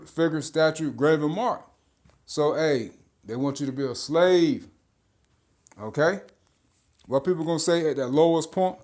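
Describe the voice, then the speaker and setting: A man preaches in a loose, street-style monologue, his voice sitting a little high and a little mellow. He's blunt and profane, stammers filler sounds, and keeps checking in with "all right?" and "man."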